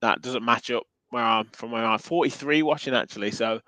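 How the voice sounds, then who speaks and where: A man's voice: mid-range voice, brisk, pushed and bright, no room sound, rough recording. Chatty Midlands man hosting a podcast. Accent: English Midlands. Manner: chatty, reads out viewer comments with frequent ums. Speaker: podcast host. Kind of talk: casual podcast chat.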